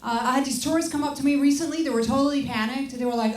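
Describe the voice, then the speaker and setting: A woman's voice: high voice, steady tone, racing, hardly any pauses. A woman from France with a French accent, performing a wry stand-up set and teasing the audience. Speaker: stand-up comedian. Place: comedy club stage. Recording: roomy club sound from a distance, crowd noise.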